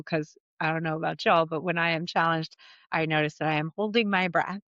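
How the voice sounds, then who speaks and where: A woman's voice: deep voice, fairly even intonation, a little fast, a bit bright, no echo. Candid woman coach, dull dry recording. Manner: candid, conversational, blunt with casual swearing. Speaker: life coach, podcast host. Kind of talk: solo podcast monologue.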